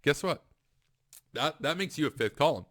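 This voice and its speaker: A man's voice: fairly high pitch, expressive, moderate pace, a bit bright, dry recording, studio quality. A man giving a heated, repetitive political commentary monologue. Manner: emphatic, ranting, repetitive.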